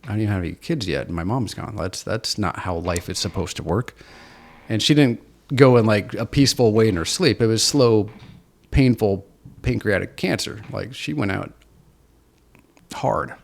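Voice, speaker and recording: A man's voice: on the low side, moderate pace, creaky. A man from Seattle, a podcast guest, candidly telling his personal story in an earnest, self-deprecating, reflective way. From Seattle, USA.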